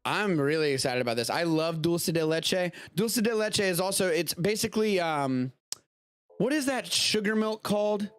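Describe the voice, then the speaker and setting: A man hosts a live stream from his home studio, chatting casually and tasting food, rambling loosely and swearing offhandedly now and then. His high-pitched voice is animated, clear and resonant at a normal speed, with no room sound and soft music in the background.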